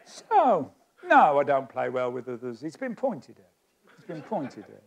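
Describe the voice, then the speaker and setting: A man's voice: a little high, big pitch swings, unhurried, creaky. Joking man doing stage magic patter. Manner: chatty, self-mocking, joking with volunteers. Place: stage of a magic society hall.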